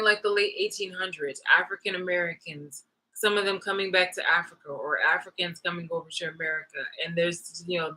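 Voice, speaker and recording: Bright-voiced woman ranting on camera. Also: medium pitch, rough recording. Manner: heated and profane, repeats and restarts phrases. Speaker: vlogger. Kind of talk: casual monologue rant.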